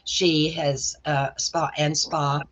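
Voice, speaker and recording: A host, asking questions in an unhurried, halting way in a remote interview. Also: mid-range voice, flat delivery, a bit bright. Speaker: show host. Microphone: video call. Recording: dull lo-fi call audio with faint noise.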